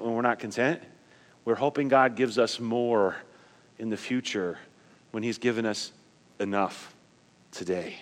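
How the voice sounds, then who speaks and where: A man preaching a sermon as pastor, swinging from emphatic loud points to quiet, low asides. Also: big-room sound.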